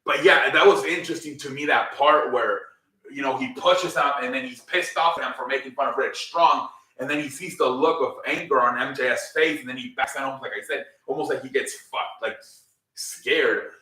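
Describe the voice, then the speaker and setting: A man's voice: mid-range voice, a little fast, bright, forceful tone. Rambling man recapping wrestling, roomy sound. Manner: rambling, filler-heavy, swears freely. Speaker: wrestling show recap host. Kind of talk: casual spoken recap. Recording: roomy, mic at a distance.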